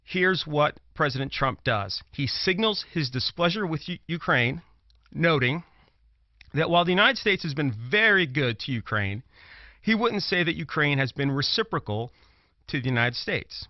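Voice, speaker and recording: Fairly high-pitched and animated, this Brooklyn man talks at a normal pace, leaning on emphasis and repetition as he pushes his political commentary. He's a commentator and former prosecutor on a talk show, captured in dull, dry lo-fi sound with no room tone.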